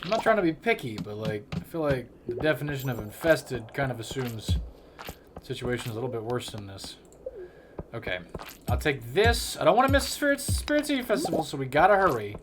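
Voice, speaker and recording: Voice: mid-range voice, very animated, fairly quick. Chatty streamer over game music. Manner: playful, chatty, wry asides. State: tired legs after a run. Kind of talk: casual let's-play commentary. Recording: clear game music behind the voice.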